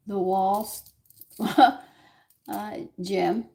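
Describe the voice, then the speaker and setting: A woman with a low, gravelly voice hosts a cooking stream from her home kitchen. She chats loosely to her viewers, her pet and herself as she works. Dishes and pans clatter loudly behind her in the noisy room. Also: unhurried. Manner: chatty, talks to herself, viewers and her pet while working. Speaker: cooking show host. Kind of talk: casual cooking livestream chat.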